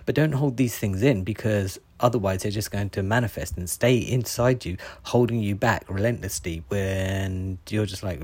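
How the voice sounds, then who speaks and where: A man with a low, husky voice hosts a daily oracle card reading. He reads the card's message at an unhurried pace, then drifts into loose, musing commentary full of ums and asides. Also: darkish tone.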